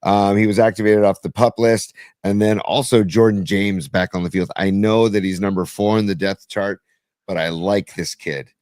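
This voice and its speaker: A man with a somewhat low voice co-hosts a sports podcast. He sounds fed up and weary, stumbling and restarting as he makes his points. The recording is dry and close. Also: steady tone, darkish tone, dry recording. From San Francisco Bay Area. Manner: weary, frustrated, halting restarts. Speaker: podcast co-host. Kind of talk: casual sports talk.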